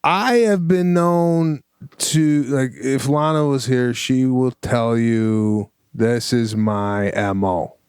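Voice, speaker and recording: A man co-hosting a podcast in casual chat, speaking slowly and dryly. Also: mid-range voice, fairly even intonation, a little mellow, clear, resonant tone, no room sound, clean studio sound. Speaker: podcast co-host.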